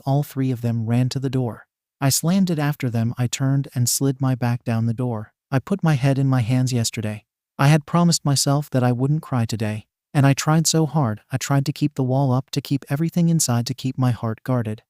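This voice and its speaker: A man narrating a first-person fan fiction story in a steady reading delivery. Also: medium pitch, normal speed, no echo, clean studio sound.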